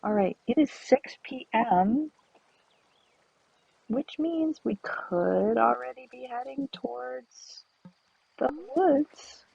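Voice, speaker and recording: Woman, game streamer, chatty, gravelly, unhurried. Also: sits high, dry recording. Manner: chatty, thinks aloud, excited outbursts. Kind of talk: casual let's-play chat. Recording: dull lo-fi stream audio.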